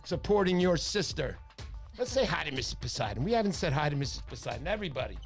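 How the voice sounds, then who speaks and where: A man hosting a casual fishing livestream, chatty and animated, with a stuffy nose from a cold. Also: fairly high pitch, fast talker, faint music behind. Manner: chatty storyteller, animated impressions.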